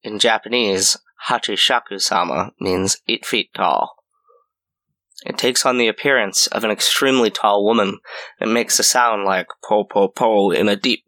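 A man narrating a scripted horror story in a measured storytelling way. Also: lowish voice, sharp tone.

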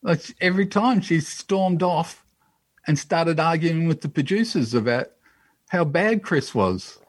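A man co-hosting a podcast, chatting casually about a reality show in a measured, slightly hesitant way. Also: a little high, animated, dry recording. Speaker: podcast co-host. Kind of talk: casual chat.

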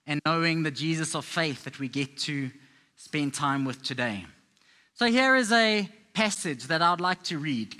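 A man's voice: high voice, pushed and bright. A man preaching a sermon to a live congregation, telling Bible stories in a playful, conversational way. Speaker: pastor.

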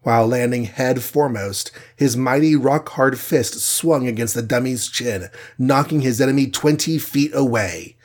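A man's voice: mid-range voice, moderate pace, hardly any pauses. A man narrating a superhero adventure aloud in a dramatic storytelling manner. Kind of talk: audiobook narration.

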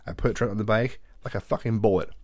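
A man's voice: fairly low pitch, steady tone, fast, a little mellow, slight background noise. A man co-hosting a casual chat, telling a rambling, profane story and acting out quotes while nursing a headache. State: suffering from a headache. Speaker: podcast co-host and father.

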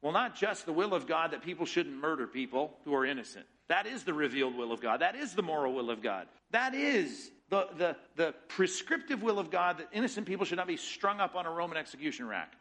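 A man's voice: a little high, big pitch swings, brisk, hardly any pauses, a bit bright, rough recording. A middle-aged man preaching a sermon as pastor, teaching with emphatic rhetorical questions.

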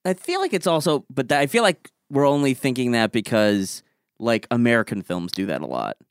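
A man's voice: medium pitch, very animated, brisk, clean tone, no room sound. Man making a point, dry sound. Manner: reasoning, makes counterpoints. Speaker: podcast co-host. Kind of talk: casual movie discussion.

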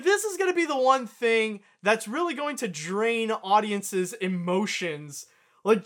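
Excited man rambling through animation news. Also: high-pitched. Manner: enthusiastic, rambling with fillers. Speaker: podcast host. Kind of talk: casual news commentary.

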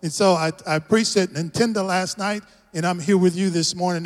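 A man's voice: high-pitched, a little fast, few pauses. A middle-aged man with a Texas accent, preaching a rousing sermon as a guest pastor and leading the congregation in call-and-response. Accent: Texan. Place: large church hall. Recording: long church hall reverb.

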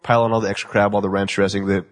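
A man's voice: on the low side, flat delivery, racing. A man in his twenties hosting a casual chat, loose and joking, laughing often. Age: 20s. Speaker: podcast host.

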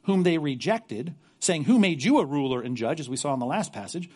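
A man delivers a sermon in an earnest, conversational way, reading from scripture and adding his own asides. His voice sits a little on the high side, and he often repeats a word as he presses a point. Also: animated, a little fast, a little mellow, husky. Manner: earnest, repeats words when stressing a point. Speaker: pastor.

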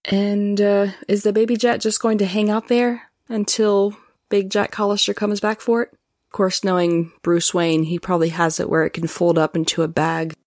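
A woman's voice: medium pitch, flat delivery, moderate pace, darkish tone, no room sound, clean studio sound. A woman podcast host reading a novel aloud, with wry, chatty comments between the passages.

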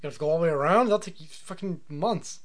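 High-pitched rambling male podcast host. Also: fast. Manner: rambling, speculative, lots of fillers. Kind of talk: casual chat.

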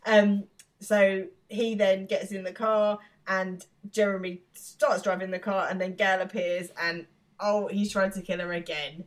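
A woman's voice: medium pitch, flat delivery, a little slow. A woman co-hosting a podcast, recapping a show in casual chat and often laughing as she acts out lines. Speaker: podcast co-host.

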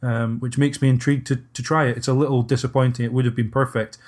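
A man's voice: medium pitch, level tone, fast, darkish tone. A man hosting a casual podcast discussion, hesitant and often restarting his sentences. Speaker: podcast host.

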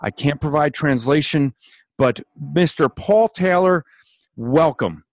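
A man's voice: on the high side, lively intonation, slow pace, no room sound. A man hosting a casual chat, teasing his guest and laughing often. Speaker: host.

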